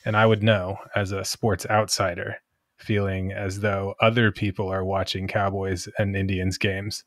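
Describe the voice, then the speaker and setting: A man who grew up near Washington, hosting a podcast in a measured, storytelling way. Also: deep voice, little pitch movement, dry recording, clean studio sound. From Washington DC area. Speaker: podcast host. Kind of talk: casual podcast chat.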